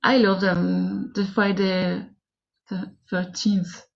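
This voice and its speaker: A woman with a French accent chats as a guest on a podcast. She speaks in halting, careful English and often stops to search for the right word. Her audio is a little dull and muffled. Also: mid-range voice, flat delivery, vocal fry. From France. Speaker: guest author. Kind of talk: casual podcast chat.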